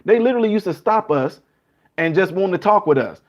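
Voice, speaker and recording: High-voiced man, lo-fi. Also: a little fast. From Chicago. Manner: animated storytelling, acting out quoted people. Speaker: host. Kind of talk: casual monologue.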